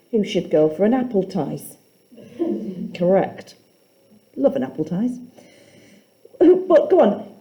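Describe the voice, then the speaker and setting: A woman teaching a poetry class, asking students questions and reading lines aloud slowly. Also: medium pitch, dark tone.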